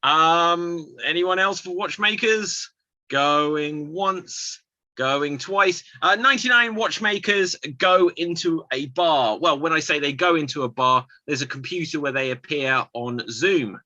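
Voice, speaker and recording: A man hosting an online improv game, calling on players in a drawn-out, playful way over a video call. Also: on the high side, bright, forceful tone, no echo, muffled recording.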